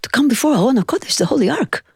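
A woman's voice: sits high, lively intonation, racing, husky, no room sound, clean studio sound. A woman from Israel, telling a personal and traditional story in an intimate, emotional, rhythmic way. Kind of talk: spoken storytelling performance.

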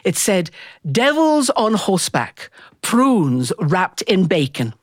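Woman storyteller, animated delivery, slightly high voice, dry close sound, acts out the voices. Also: takes it slowly, no echo. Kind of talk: personal storytelling.

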